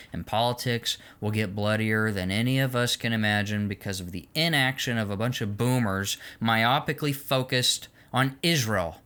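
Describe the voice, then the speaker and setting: A man's voice: medium pitch, bright, forceful tone. A man delivering a long, heated political rant to camera, sarcastic and mocking toward imagined critics. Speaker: political commentator.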